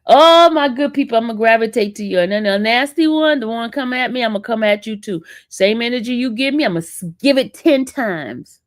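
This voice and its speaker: A woman's voice: on the high side, lively intonation, fairly quick, hardly any pauses, dry recording, studio quality. A woman with an East Coast American accent hosting a casual livestream, teasing and sassing her chat. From northern US. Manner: sassy, teasing, talks back to chat. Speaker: livestream host.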